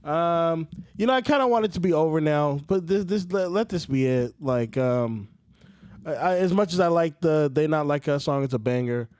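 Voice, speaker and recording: A man's voice: a little high, animated, normal speed, a little mellow, clean tone, dry recording, studio quality. A man co-hosting a podcast in casual chat, talking loosely, swearing freely and laughing often. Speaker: podcast co-host.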